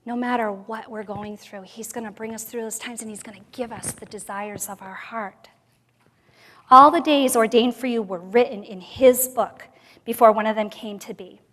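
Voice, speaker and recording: A woman with a fairly high voice gives a sermon at a women's conference, mixing personal testimony with scripture. She drops to near-whispers and then rises to emphatic bursts. Her voice rings with the long reverb of a church sanctuary. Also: moderate pace. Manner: expressive, swings from soft to loud. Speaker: conference speaker.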